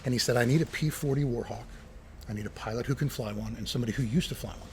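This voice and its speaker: Here a middle-aged man with a medium-pitched voice races through casual interview stories from his career as an air traffic controller and pilot, now retired. Animated throughout, he voices the quoted dialogue, recorded inside an old airport building next to a runway.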